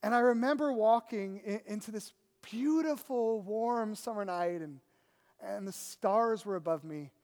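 A man telling a self-mocking story in a sermon, animated and quick to check in with his listeners. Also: high-pitched. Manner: animated, self-mocking, keeps adding "right?". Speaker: pastor. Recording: reverberant hall.

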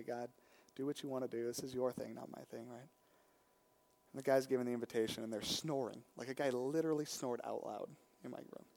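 A man preaching a storytelling sermon, his voice swinging from hushed and quiet to loud and emphatic. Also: medium pitch, steady tone, a little fast, vocal fry.

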